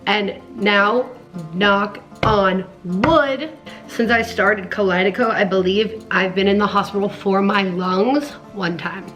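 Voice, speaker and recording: A woman's voice: mid-range voice, takes it slowly, a bit bright, lo-fi sound, soft background music. A young woman talking earnestly and emotionally in a casual personal vlog at home, rambling with many restarts. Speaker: vlogger.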